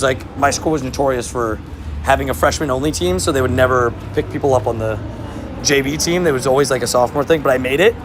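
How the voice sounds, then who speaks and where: Animated young man telling stories on stream. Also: on the high side, slight background noise. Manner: animated, laughing, repeats words. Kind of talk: casual livestream storytelling.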